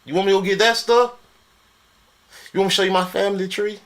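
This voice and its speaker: A man's voice: sits high, fairly even intonation, fast, a bit bright. A man from Florida on a live stream, arguing heatedly and boasting, with repetitive challenges and frequent laughter.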